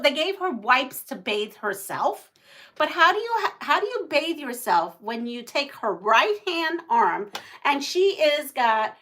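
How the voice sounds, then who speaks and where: A middle-aged woman with a slightly high voice chats casually on her livestream. She rambles from story to story and stops to read viewers' comments aloud. Her storytelling is animated. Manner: animated storytelling with gasps and laughs. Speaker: livestream host.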